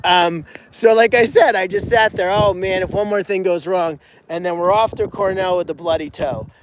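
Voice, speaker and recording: A man's voice: sits high, moderate pace, a little hiss or hum. A man who runs an animal sanctuary, chatting in a rambling, casual way on a live stream, with many restarts and fillers. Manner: rambling, frequent restarts and "you know" fillers.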